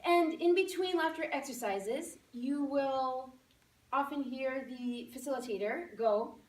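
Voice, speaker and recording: A woman giving a playful, animated laughter-yoga demonstration speech to a live audience. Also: high-pitched, measured pace. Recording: echoey room from far off.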